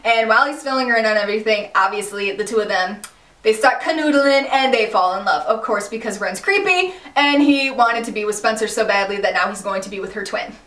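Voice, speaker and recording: A woman casually recapping a TV finale, animated and slangy, exclaiming and laughing as she tells it. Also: a little high, fairly quick, recorded from a distance. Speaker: recap vlogger. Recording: echoey room, a bit off-mic.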